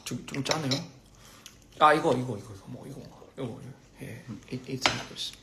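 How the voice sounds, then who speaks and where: A man casually chatting on a phone livestream over a meal, halting and repeating words and laughing at his own slips. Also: medium pitch, gravelly, noisy background. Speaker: livestream host. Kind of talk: casual livestream chat while eating. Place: indoors at a meal table.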